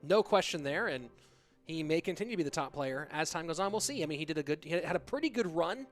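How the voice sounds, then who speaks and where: Man in his thirties, live game commentary, chatty streamer, high voice. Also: lively intonation, fast talker, faint music behind. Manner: casual, chatty, reads donations aloud. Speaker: esports caster and streamer. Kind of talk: live esports commentary and chat.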